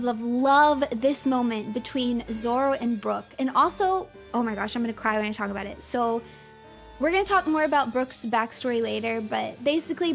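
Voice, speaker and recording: A woman streamer in excitable, gushing livestream commentary, laughing often and using lots of fillers. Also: on the high side, vocal fry.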